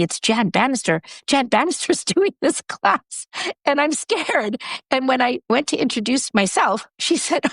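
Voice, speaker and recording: Brief: woman guest, lively storyteller acting out quotes, mid-pitched, dry close mic. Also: dry recording. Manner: animated, acts out quoted speech with big pitch jumps. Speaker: guest, writer and director. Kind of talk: conversational storytelling in an interview.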